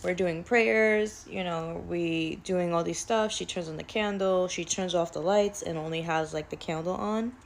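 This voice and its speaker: A woman's voice: fairly low pitch, a little slow, gravelly, few pauses, slight background noise. A woman casually telling a personal spiritual story, chatty and rambling, peppered with "like.". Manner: chatty, rambling, heavy use of "like".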